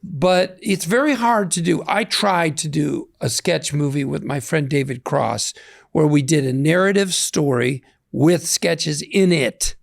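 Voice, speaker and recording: A man's voice: on the high side, measured pace, creaky, no echo, clean studio sound. A man in his sixties, an interview guest, talking in a reflective, rambling, self-deprecating way. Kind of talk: casual interview talk.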